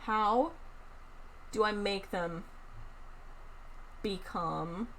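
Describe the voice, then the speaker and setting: A young woman streaming a building game, chatting casually and thinking aloud in an excited, talkative way. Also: medium pitch, extremely slow, a little hiss or hum. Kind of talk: casual live-stream chat while playing a building game.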